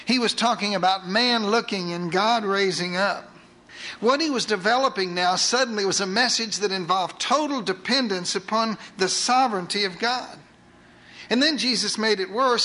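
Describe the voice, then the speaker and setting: A man preaching a sermon, retelling scripture with lively asides to his congregation. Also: sits high, low-quality recording. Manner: animated storytelling with asides to the congregation.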